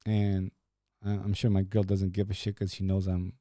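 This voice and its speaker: Young guy rambling and swearing on his podcast, mellow low tone, dry close sound. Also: monotone, moderate pace, dry recording. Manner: rambling, profane, laughing often. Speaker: podcast host. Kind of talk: casual chat with live viewers.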